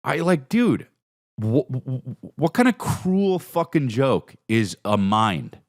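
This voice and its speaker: A man, hosting a podcast in a rambling, profane, comedic monologue that swings between low mutters and high excited bursts. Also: slow, no room sound, studio quality. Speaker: podcast host.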